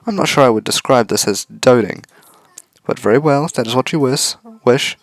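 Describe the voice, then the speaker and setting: A man voicing a formal, deadpan young female robot, reading a visual novel aloud. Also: mid-range voice, normal speed, no echo, pitched above the performer's own voice, natural voice. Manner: stiff, formal phrasing.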